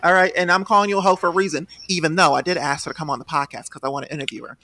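A young man hosting a podcast, chatting about reality TV gossip in an animated, sassy way with sudden shrill outbursts. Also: racing. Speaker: podcast host. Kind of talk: casual gossip chat.

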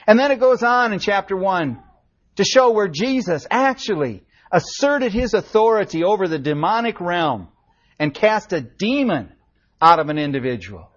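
A man preaching a sermon as pastor, earnest and impassioned, swinging from raised cries down to hushed, quiet lines. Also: high voice, very animated, moderate pace. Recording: dull lo-fi sermon recording.

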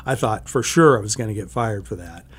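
The speaker is a middle-aged TV meteorologist with a lowish, expressive voice, a breathy edge and a slightly fast pace. In casual interview chat he rambles through stories and keeps restarting sentences.

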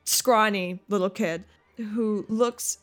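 A woman narrating as game master in a lively, chatty way. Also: medium pitch, takes it slowly, soft background music.

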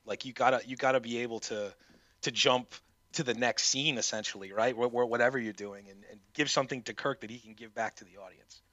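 A man talks animatedly as a podcast guest, laughing often and swearing casually. His voice is bright and forceful, recorded dry with a slightly muffled, lo-fi tone. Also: medium pitch, steady tone, quick pace, no echo. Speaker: guest prank caller.

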